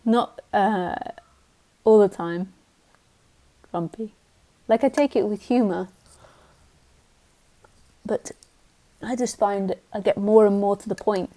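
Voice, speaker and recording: A woman's voice: medium pitch, fairly even intonation, slow pace, pauses often, warm tone. A woman spiritual teacher giving a live talk, blunt and direct, sometimes mocking the mind in silly voices.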